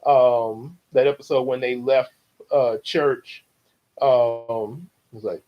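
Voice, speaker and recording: A man's voice: mid-range voice, fairly even intonation, highs cut off. A man chatting casually and rambling, stopping and restarting as he thinks aloud. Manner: rambling, halting, full of fillers and restarts. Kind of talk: casual chat.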